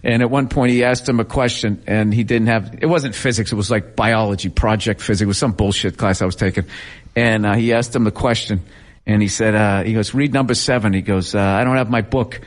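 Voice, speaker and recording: A man's voice: on the low side, brisk. A man, a comedian guest in an interview, telling profane stories in a casual way and laughing often. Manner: profane, animated, laughing storyteller.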